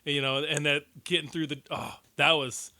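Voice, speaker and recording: A man co-hosting a casual podcast chat, swearing a lot and getting loudly worked up. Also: on the high side, level tone, normal speed. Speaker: podcast co-host.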